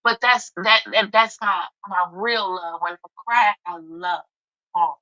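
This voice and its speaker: A woman's voice: mid-range voice, measured pace, pushed and bright, no room sound. A tearful woman pours out blunt, heartfelt, profane talk on a livestream. Her voice comes through a dull, muffled call line. The sound is dry, with no room around it. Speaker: guest. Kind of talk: casual livestream chat. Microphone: video call.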